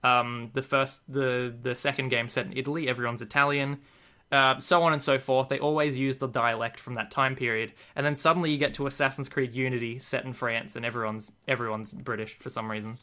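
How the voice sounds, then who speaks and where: A man's voice: medium pitch, fairly even intonation, brisk, bright, forceful tone. A man co-hosting a casual podcast, joking and laughing as he chats about movies and games. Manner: jokey, laughs often. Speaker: podcast co-host. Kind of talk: casual chat.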